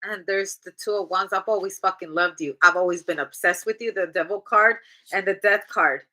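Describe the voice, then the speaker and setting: A woman's voice: mid-range voice, normal speed, pushed and bright, poor audio. A woman giving a casual tarot reading in a blunt, chatty, profane way. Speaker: tarot reader.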